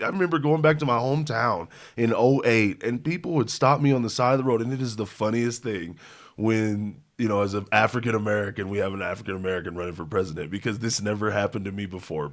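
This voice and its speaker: Male podcast co-host, casual and animated, quick to laugh mid-story. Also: on the low side. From Indiana. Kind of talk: casual sports podcast chat.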